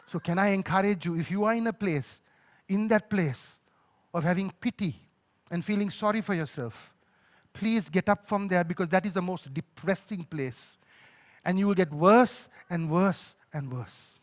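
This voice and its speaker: A male pastor with a Sri Lankan accent preaching a sermon, telling a personal story with emotion and moving between loud pleading and quiet, soft moments. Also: high voice, moderate pace.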